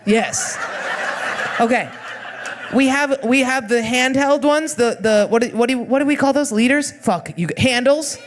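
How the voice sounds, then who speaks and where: A woman's voice: sits high, unhurried. A young woman doing a stand-up comedy set, brash and crude, chatting with the audience from a club stage. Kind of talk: stand-up set with crowd work. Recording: noisy live club recording. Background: audience laughter.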